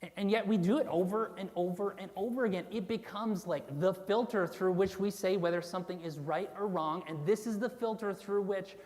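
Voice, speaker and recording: A woman's voice: mid-range voice, a little fast, hardly any pauses, a little mellow, long reverb tail. A woman pastor giving a conversational sermon, with casual fillers and asides to the congregation. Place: church sanctuary.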